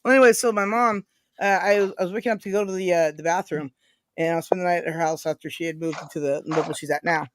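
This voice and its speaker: A woman's voice: fairly low pitch, fairly even intonation, racing. A woman co-hosting a casual chat show, telling stories in a rambling way with many fillers and giggles. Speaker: co-host.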